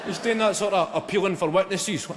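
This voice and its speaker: A Scottish man with a Glaswegian accent doing a stand-up routine, swearing freely and building stories to loud shouted punchlines. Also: sits high, fairly quick, very noisy. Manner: swearing, animated storytelling with rising shouts. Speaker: stand-up comedian. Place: theatre stage with audience laughter. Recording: long hall reverb, loud ambience.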